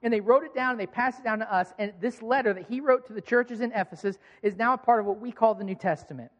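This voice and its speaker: A young male pastor delivers a sermon in a loose, conversational storytelling way, often tripping over and repeating his words. His voice sits notably high for a man. The sound carries the long reverb of a large church hall. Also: quick pace.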